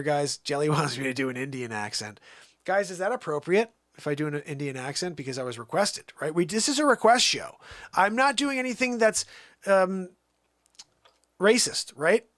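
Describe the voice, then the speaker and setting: Animated high-voiced male livestreamer. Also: dry recording, studio quality. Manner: animated, emphatic, defensive, talks to chat. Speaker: livestream music show host. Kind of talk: rambling live-stream chat.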